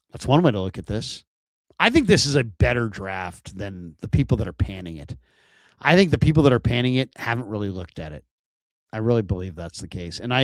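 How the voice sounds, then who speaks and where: A male sports show host chatting through a live stream and answering viewer chat. His pitch swings widely as he muses aloud with rhetorical questions. The sound is dry and close. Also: no room sound.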